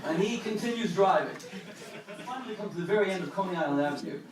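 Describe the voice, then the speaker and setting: A rabbi doing stand-up comedy, telling a story in an animated way and slipping into the voices of the people in it. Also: male voice, sits high, fast, a crowd in the background. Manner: animated, jumps between characters' voices. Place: comedy club stage. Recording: echoey live club, mic from a distance.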